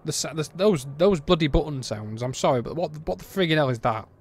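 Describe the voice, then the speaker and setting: A man's voice: on the high side, expressive, brisk. A British man giving a casual, blunt and exasperated game review, rambling with frequent restarts.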